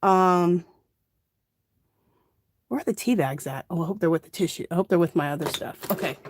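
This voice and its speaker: Her voice sits fairly low and moves at a moderate pace, with no room sound at all. It's a woman running an easygoing crafting livestream, captured by phone at her craft table, rambling and musing aloud while she works.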